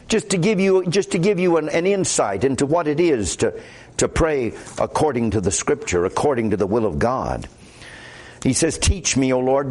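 A man's voice: mid-range voice, a little mellow. A man with a Midwestern American accent preaching a sermon as pastor, conversational and quoting scripture aloud.

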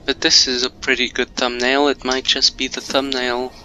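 Game music sits under a man's casual let's-play commentary as he jokes and taunts the enemies he faces. He speaks in a monotone, sharp-toned, mid-range voice at normal speed. The low-quality recording has slight background noise.

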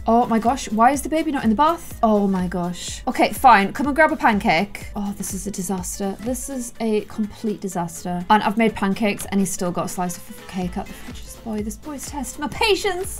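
A woman's voice: on the high side, expressive, a little fast, hardly any pauses, soft background music. A young woman giving playful, exasperated let's-play commentary, talking straight to the characters in her game. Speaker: gaming YouTuber.

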